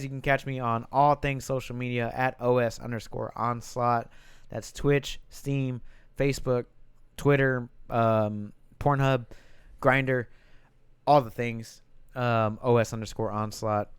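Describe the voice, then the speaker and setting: A man's voice: medium pitch, fairly even intonation, measured pace, clear, resonant tone, no room sound. A man co-hosting a casual podcast, teasing his partner bluntly and swearing freely. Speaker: podcast co-host. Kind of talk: casual chat.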